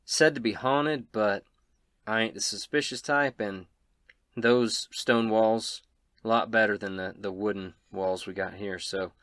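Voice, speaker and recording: A man's voice: lowish voice, steady tone, unhurried, a bit bright, dry recording. A man doing a blunt, tough female sheriff. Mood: gruff.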